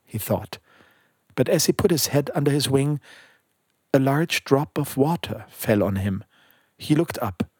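A man reading a fairy tale aloud in a calm, measured way, with brief remarks about the story before he begins. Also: mid-range voice, husky, dry recording, studio quality.

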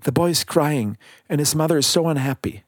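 A man voicing a sorrowful dead prince who is now a golden statue, speaking in a gentle, pleading way in a storybook reading. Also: a little high, expressive, a little fast, no room sound, clean studio sound.

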